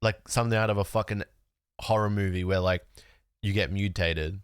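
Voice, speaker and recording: A man's voice: lowish voice, steady tone, normal speed, clear, resonant tone, no echo, studio quality. A man with a sick, nasal, congested voice, chatting loosely as a livestream host and joking with his chat. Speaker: streamer.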